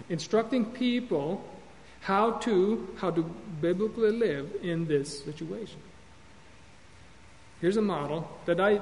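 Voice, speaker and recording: A man with a fairly high voice delivers a lecture-style sermon on counseling, earnest and deliberate. He restarts phrases and corrects himself mid-thought, slowing down to stress key words. The room adds a long hall reverb over a faint background hum. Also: darkish tone. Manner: earnest teaching, with repeated words and self-corrections. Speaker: Bible teacher on counseling.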